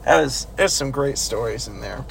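A man's voice: normal speed, vocal fry, background noise. A man casually telling funny army stories, laughing often and acting out the quotes. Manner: laughing, animated, acts out quotes with big pitch jumps. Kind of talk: casual storytelling chat.

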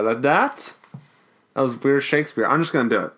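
A man from the Baltimore area co-hosting a podcast in casual, jokey, excitable chat. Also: medium pitch, fairly quick. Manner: jokey, excitable, self-mocking. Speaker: podcast co-host.

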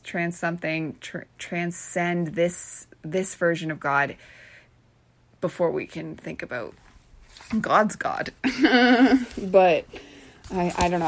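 Woman, podcast host, rambling casual monologue, valley-girl-ish, swears a lot, slightly low voice. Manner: swears freely, earnest.

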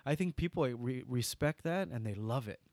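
A man, a guest on an interview podcast, telling lively stories and acting out the dialogue. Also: medium pitch, moderate pace, dry recording, clean studio sound. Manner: lively storyteller, acts out dialogue. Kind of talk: casual interview storytelling.

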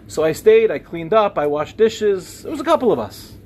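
A young man teaching as a rabbi, telling personal stories in an animated way with humorous asides. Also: sits high, moderate pace, a little hiss or hum. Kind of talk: Torah lecture with personal stories.

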